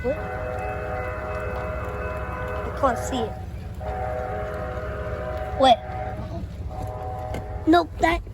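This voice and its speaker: A woman's voice: sits high, very slow, long pauses. A chatty, giggly woman vlogging outdoors by a railway crossing in the rain. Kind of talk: casual vlog chat. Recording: outdoors with heavy rain noise.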